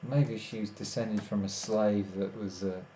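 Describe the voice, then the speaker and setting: A man's voice: on the low side, steady tone, measured pace, warm tone. A tired man, rambling casually as he chats with viewers on a live stream. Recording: echoey room, dull lo-fi sound, faint noise.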